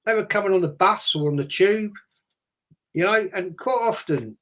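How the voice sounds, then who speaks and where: A man's voice: high-pitched, moderate pace, a bit bright. An older man from England with a London accent, hosting a casual chat and telling rambling childhood stories. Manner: rambling anecdotal storytelling with acted-out voices. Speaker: host.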